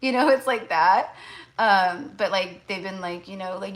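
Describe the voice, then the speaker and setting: A woman's voice: mid-range voice, a little slow, poor audio. A woman tarot reader in casual livestream chat, blunt and chatty, full of fillers.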